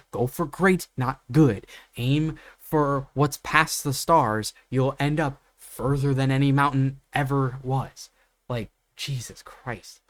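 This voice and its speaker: A man's voice: medium pitch, dry recording. Young guy venting hard at his desk mic, swearing, lots of likes, dry close sound. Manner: exasperated, profane, many fillers. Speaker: gaming YouTuber. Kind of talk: unscripted rant.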